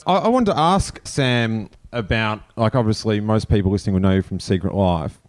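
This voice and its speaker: Male host, low-pitched, dry teasing wit. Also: normal speed. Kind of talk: casual radio chat.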